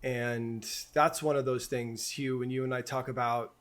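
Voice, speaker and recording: A middle-aged man telling a personal story as a guest in a podcast interview, halting and heartfelt, with many restarts and repeated words. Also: medium pitch, fairly even intonation. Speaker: camp director guest.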